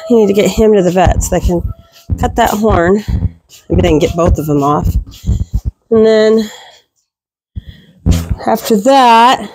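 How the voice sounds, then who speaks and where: A woman's voice: mid-range voice, a little slow, pauses often, a little mellow, dry recording, soft background music, poor audio. A woman goat farmer vlogging casually while doing barn chores, talking fondly to her goats and scolding them.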